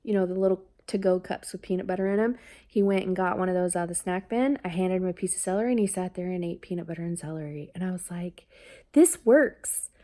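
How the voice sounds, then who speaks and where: A mother chatting casually on a vlog, rambling with lots of fillers and getting lively when she tells family stories. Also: fairly low pitch, fast. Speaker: mother talking about her family.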